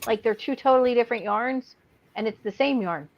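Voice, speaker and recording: A woman's voice: on the high side, brisk. Casting: American woman co-host, chatty and rambling, slightly muffled lo-fi sound. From United States. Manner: chatty, retells comedy clips. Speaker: podcast co-host. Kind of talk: casual chat.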